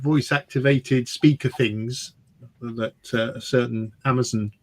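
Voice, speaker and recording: A man's voice: mid-range voice, fairly even intonation, a little slow. A man joking around on a hobby livestream, full of playful teasing banter. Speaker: co-host on a modelling stream. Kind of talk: casual group chat on a modelling stream.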